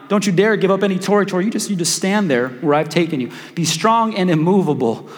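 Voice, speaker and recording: A man, a pastor, preaching a sermon in an animated, joking way and calling on the congregation to respond. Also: sits high, long reverb tail.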